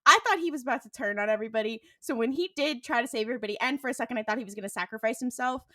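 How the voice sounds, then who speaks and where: Lively high woman, far from the mic. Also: very fast, no room sound, clean studio sound. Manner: animated storytelling with acted-out quotes. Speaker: podcast co-host. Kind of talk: casual chat.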